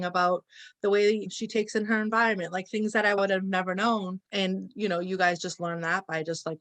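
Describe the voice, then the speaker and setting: Woman cohost, mid-pitch voice, thankful, asking the guest stuff. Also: a bit bright. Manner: appreciative, asks questions. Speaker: podcast co-host, parent. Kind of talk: casual chat.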